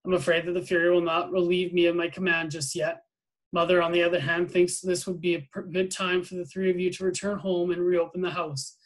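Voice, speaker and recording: A man's voice: high voice, little pitch movement, brisk, lightly acted, poor audio. A man reading a grave military father.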